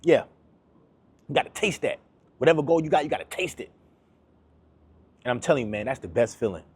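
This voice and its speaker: A man's voice: medium pitch, expressive, a little fast, breathy edge. A man giving a motivational talk to his viewers, emphatic and repetitive, in casual slang. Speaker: motivational YouTuber.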